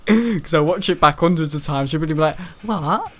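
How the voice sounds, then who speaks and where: A man's voice: fairly high pitch, moderate pace. Rambling man gaming. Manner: rambling, chatty, laughs often, excitable outbursts. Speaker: gaming channel host. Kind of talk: casual gameplay commentary.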